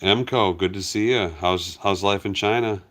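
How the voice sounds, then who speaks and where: Deep-voiced man chatting on a live stream. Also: moderate pace, a bit bright. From United States. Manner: talks fondly to his dogs while reading viewer comments. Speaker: farm hospice channel host. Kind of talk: casual live stream chat.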